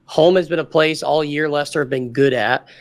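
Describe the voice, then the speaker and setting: A man's voice: on the high side, fairly even intonation, a little fast. A man co-hosting a casual football podcast, confidently laying out match predictions. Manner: confident, makes firm predictions. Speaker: podcast co-host. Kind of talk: casual sports chat.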